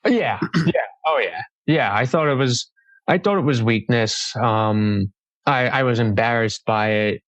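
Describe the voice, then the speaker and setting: A man's voice: medium pitch, a little slow, fairly bright tone, no room sound. A young man, a guest author in a podcast interview, speaking hesitantly with many restarts. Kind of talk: casual interview chat.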